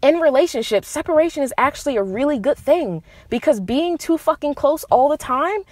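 A woman's voice: sits high, expressive, fairly quick, dry recording, clean studio sound. A young adult woman hosting a podcast, giving relationship advice in a casual monologue, blunt and profane, with emphatic rises on her key points. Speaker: podcast host.

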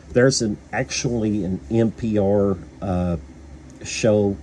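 Low-voiced Kentucky man, rambling book talk. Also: darkish tone, slight background noise. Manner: rambling, many fillers and restarts. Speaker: book reviewer. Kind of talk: casual book review.

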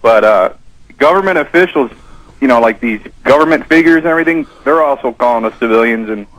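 A man calling in to a radio talk show, speaking in a halting, agreeable way. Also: mid-range voice, expressive, fairly bright tone, no room sound, rough recording. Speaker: caller.

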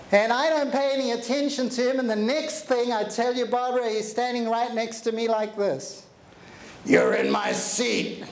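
A man giving an energetic, animated motivational talk, telling stories and joking with a live audience in a hall. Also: very high voice, a little hiss or hum. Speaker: motivational speaker. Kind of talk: keynote storytelling to a live audience. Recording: echoey hall with faint ambience.

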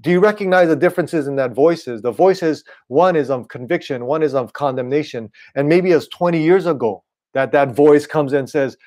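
A man's voice: on the high side, moderate pace, darkish tone. Casual male pastor from Hawaii. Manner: casual, repeats "right?" and "you know". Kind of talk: conversational online sermon.

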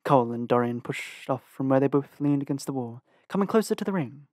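A man narrating an audiobook with an expressive reading and lively shifts in pitch. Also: moderate pace, no echo, studio quality. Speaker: audiobook reader.

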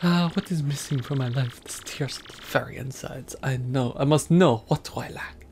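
A man's voice: mid-range voice, moderate pace, darkish tone, a little hiss or hum, natural voice. A man voicing a pompous, vain rich male trader with an exaggerated fake French accent, theatrical and grandiose. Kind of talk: let's play voicing game characters.

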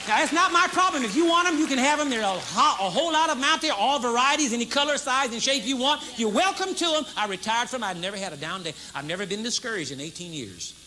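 Pastor, male, 50s, very high and piercing delivery, live church service, hammering repetition. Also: lively intonation, fast, few pauses, a little hiss or hum. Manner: emphatic, repeats key phrases for effect; swings between loud proclamation and low intense talk. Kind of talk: sermon. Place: large church service with congregation responding.

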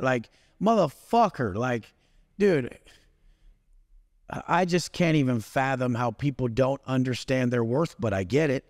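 A man's voice: mid-range voice, measured pace, darkish tone, no echo, studio quality, in a large hall. A man delivering a profane, aggressive motivational rant as an interview guest. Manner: aggressive, swearing heavily. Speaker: guest speaker.

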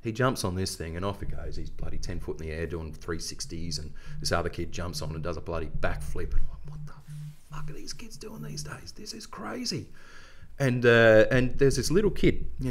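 Field: blunt, deep-voiced Australian podcast host. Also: male voice. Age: middle-aged. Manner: blunt, swears freely, tells stories with quoted voices. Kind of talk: casual conversation.

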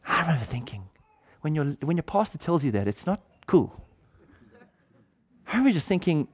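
A man's voice: fairly high pitch, moderate pace, long pauses, husky. Man preaching, telling a personal story. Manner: animated storytelling, acting out quoted dialogue. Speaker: pastor. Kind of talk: sermon storytelling.

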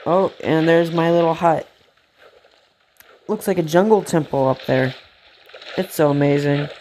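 A man giving casual, rambling commentary while playing a game, gasping and getting excited at cute animals. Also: on the high side, unhurried, slight background noise. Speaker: let's play gamer.

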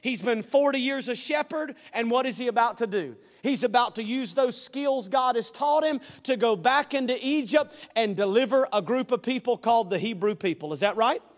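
A male pastor with a very high voice preaches fervently, rising to shouts and then dropping to quiet, joking asides. His folksy delivery rings through a large church sanctuary. A long reverb trails every phrase. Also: animated, moderate pace, few pauses. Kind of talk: sermon.

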